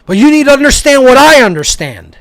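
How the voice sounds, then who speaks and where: High-pitched man in a profane, angry rant. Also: big pitch swings, a little fast, no room sound. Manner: heated, profane, confrontational. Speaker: talk show host. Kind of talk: angry ranting monologue.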